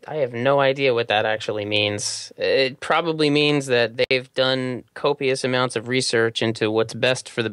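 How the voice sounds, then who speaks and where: A man co-hosting a casual tech podcast, laid-back and joking, musing slowly through his answers. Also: mid-range voice, a bit bright, dry recording, studio quality. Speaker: podcast co-host.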